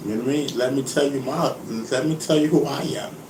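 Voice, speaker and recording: Laid-back rapper rambling in an echoey room. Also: male voice, medium pitch, steady tone, fast, background noise. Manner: laid-back, laughing, keeps saying "you know what I mean". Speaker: rapper and vlogger. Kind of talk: casual rambling monologue.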